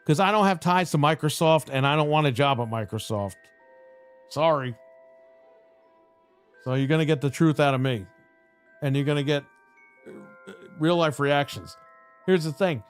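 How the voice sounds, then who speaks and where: A man with a fairly high voice delivers a heated, profane rant on a live stream. He talks bluntly and mocks the voices of the people he is complaining about. Faint music plays behind him. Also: normal speed, pauses often, clear, resonant tone. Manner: angry, blunt and heavily profane, mocking voices he quotes.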